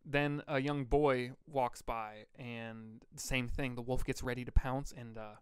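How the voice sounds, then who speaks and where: A man from Vermont co-hosting a podcast, telling stories in a rambling, relaxed way with lots of fillers. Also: mid-range voice, measured pace, clean tone, dry recording, studio quality. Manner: rambling, laid-back storyteller with fillers. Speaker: podcast co-host. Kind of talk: casual storytelling chat.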